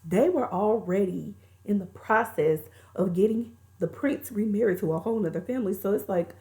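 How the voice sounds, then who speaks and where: A woman's voice: mid-range voice, brisk, few pauses, darkish tone. A woman reviewing a movie, recapping the plot in a chatty, colloquial storytelling way.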